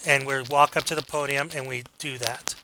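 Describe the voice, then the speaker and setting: A man's voice: medium pitch, fairly even intonation, brisk, pushed and bright, a little hiss or hum. A man teaching a speech class in a direct, coaching manner, with rhetorical questions. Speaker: college speech instructor. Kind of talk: recorded class lecture.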